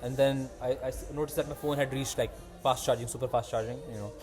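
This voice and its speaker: A man's voice: mid-range voice, quick pace, music in the background. A young man hosting a podcast, telling a story in casual chat and acting out the voices of people in it. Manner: animated, acts out quoted voices.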